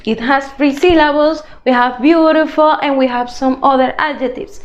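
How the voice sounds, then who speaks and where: A woman's voice: sits high, steady tone, normal speed, muffled recording. A woman teacher, patiently explaining a grammar lesson step by step, often checking in with "okay?". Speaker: English teacher. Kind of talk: recorded grade-school grammar lesson.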